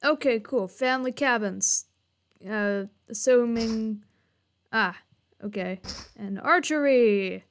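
A woman's voice: on the high side, slow pace, a little hiss or hum. A young woman streaming a horror game, joking to her chat and swearing when startled. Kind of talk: horror game let's play commentary.

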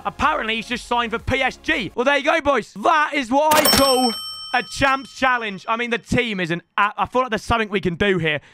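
A young man giving live commentary on his gameplay, excitable and often shouting and ranting at the game. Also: very high voice. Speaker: gaming YouTuber.

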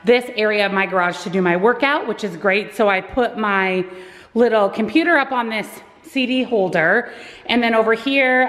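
A woman's voice: mid-range voice, a bit bright. A woman in her thirties chatting casually to her viewers in an upbeat vlog, filming herself at home. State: out of breath after a workout. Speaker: lifestyle vlogger. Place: home garage and kitchen.

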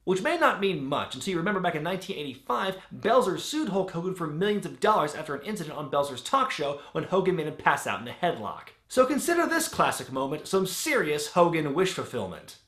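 Sarcastic, lively-voiced male reviewer. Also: a little high, a little fast, hardly any pauses. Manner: sarcastic, wisecracking. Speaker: host. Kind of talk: comedic movie review narration. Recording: roomy with music bed.

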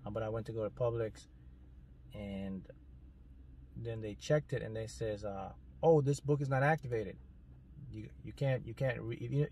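A man's voice: medium pitch, breathy edge. A man telling a personal story in a casual, rambling way, acting out bits of dialogue and correcting himself as he goes. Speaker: manifestation mentor.

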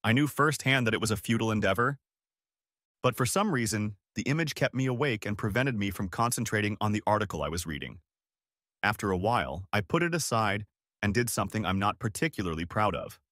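A man narrating a first-person story as scripted audiobook narration, in an expressive storytelling manner. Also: fairly low pitch, no echo, studio quality.

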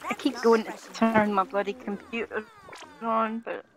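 A woman's voice: a little high, flat delivery, measured pace. A middle-aged woman, a mother chatting casually while playing a video game with her kids over voice chat, in an easygoing, wry way.

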